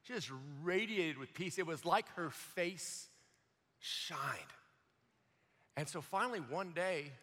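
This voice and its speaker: A middle-aged man preaching a sermon, telling his story with animated acted-out quotes and stammering restarts. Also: sits high, slow, pauses often. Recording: long hall reverb.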